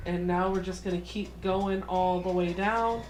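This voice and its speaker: A woman's voice: lowish voice, steady tone, unhurried, a little mellow, slight background noise. A young adult woman hosting a casual home sewing tutorial, chatty and self-deprecating as she walks through each step. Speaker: quilting channel host.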